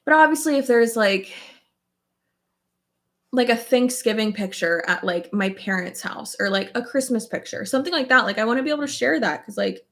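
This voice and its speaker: A young beauty vlogger chats while doing her makeup at home in a get-ready-with-me video, her voice on the high side, fairly bright, with lively intonation at normal speed. Her talk loops through fillers and casual swearing. She's open and emotional, laughing often and at times close to tears.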